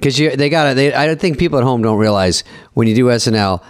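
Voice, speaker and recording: A man's voice: medium pitch, expressive, smooth. Male podcast co-host, mid-range voice, casual and profane. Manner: casual and profane, with quick reactions. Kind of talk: casual chat.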